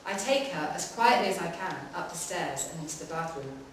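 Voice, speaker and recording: A woman giving a live, measured reading of a short story in a public library room. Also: lowish voice, animated, a little hiss or hum. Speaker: reader. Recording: echoey hall from far off.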